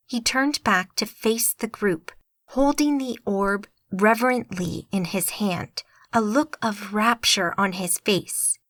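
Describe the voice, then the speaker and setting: A woman narrates an urban fantasy audiobook in a steady, even way. Her voice sits in a middle pitch. The booth is dry, with no room sound. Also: takes it slowly, dry recording. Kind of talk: scripted narration.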